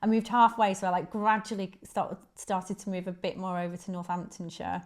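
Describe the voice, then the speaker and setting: Speaking a little fast in a flat, mid-range voice, a forties-aged woman from Manchester, England, chats casually as a guest. She has a Northern English accent, pokes fun at herself, and fills her speech with ums.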